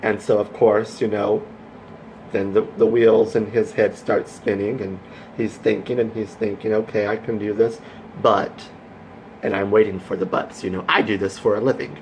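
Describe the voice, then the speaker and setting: A man vlogging, telling a rambling, animated story to his viewers that builds into a motivational pep talk. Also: on the low side, moderate pace, slight background noise, poor audio. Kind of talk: casual storytelling vlog.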